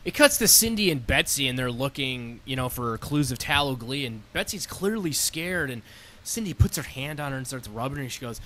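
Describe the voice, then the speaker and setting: A man narrating a sarcastic, crude comedic review of a movie, with sudden loud outbursts. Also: mid-range voice, expressive, fairly quick, a little hiss or hum.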